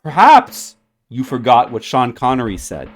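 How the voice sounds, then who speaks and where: A man's voice: mid-range voice, wildly swooping pitch, measured pace. A man live-streaming a retro puzzle game, chatting playfully and rambling to a viewer while he plays. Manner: playful, rambling, jokingly addresses a viewer by name.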